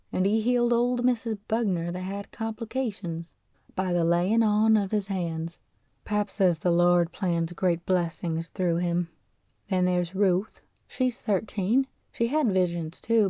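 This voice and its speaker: A blunt, defiant runaway farm boy, as a woman reads him in an audiobook, speaking in plain folksy backcountry grammar. The tone is mellow and dark, and it sounds close and dry. It comes across as earnest storytelling. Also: medium pitch, no room sound, lightly acted. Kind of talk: audiobook character reading.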